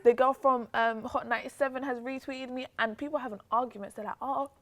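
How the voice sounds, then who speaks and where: Young British woman, lively guest voice in a higher register, acts out the quotes in her story. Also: quick pace. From Britain. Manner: animated, acts out quotes with pitch jumps. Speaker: interview guest. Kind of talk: casual storytelling.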